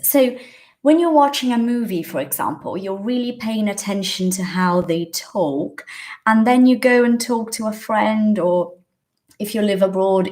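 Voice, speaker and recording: A woman's voice: mid-range voice, darkish tone. A woman teaching a live English lesson, greeting viewers by name, explaining words and asking questions in a chatty way. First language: Portuguese.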